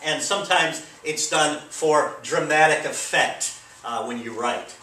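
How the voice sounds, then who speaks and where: Guy teaching punctuation, bright voice, kinda echoey, mic a bit far off, lots of uhs. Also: fairly high pitch, a little slow. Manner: relaxed, lots of fillers and asides. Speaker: English teacher. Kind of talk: informal classroom lesson. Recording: roomy echo, mic at a distance.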